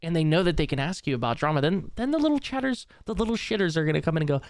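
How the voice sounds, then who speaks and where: A man's voice: fairly high pitch, animated, rapid-fire, dry recording, studio quality. A man live-streaming, rambling and swearing as he reacts to a clip and talks to his chat. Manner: rambling, profane, jumps between clip and chat. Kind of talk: casual live-stream commentary.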